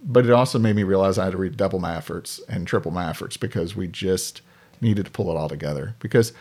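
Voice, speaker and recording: A man's voice: low voice, fast talker, darkish tone. A man telling stories in casual conversation, animatedly acting out the voices of people in his anecdotes. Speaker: podcast guest. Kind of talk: casual storytelling.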